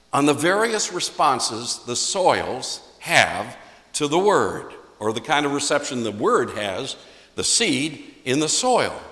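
A man's voice: medium pitch, pushed and bright. A man preaching a sermon as a pastor, emphatic and repeating key phrases for stress. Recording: echoey hall, long reverb.

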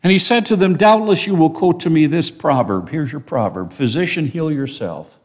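A man's voice: fairly high pitch, expressive, moderate pace. A man preaching an expository sermon, emphatic, repeating phrases for stress.

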